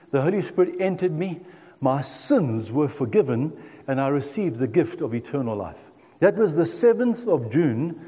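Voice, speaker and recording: A man in his sixties gives a heartfelt sermon, recounting his own story and turning to his listeners. His voice sits a bit high but sounds mellow and warm, with a long reverb trailing off each phrase as in a large hall. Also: slightly rough. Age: 60s. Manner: earnest storytelling, addresses the listeners. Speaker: preacher. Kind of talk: sermon testimony.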